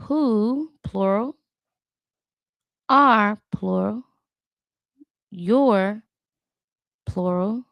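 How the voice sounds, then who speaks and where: A woman chats casually to her viewers while she studies, thinking out loud and sounding out each word with care. Her voice has a gravelly edge, and she talks very slowly. The sound is close and dry. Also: medium pitch, no echo. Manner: thinks aloud, chatty, talks to viewers as "y'all"; careful halting tries at Spanish words. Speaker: language learner vlogger. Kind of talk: casual chat while studying.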